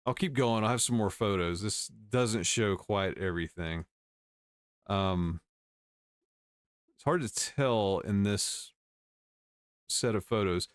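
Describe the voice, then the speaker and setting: A man's voice: lowish voice, slow, long pauses, smooth, no echo, studio quality. A male host casually reading and commenting on news stories, wry, with chuckling asides.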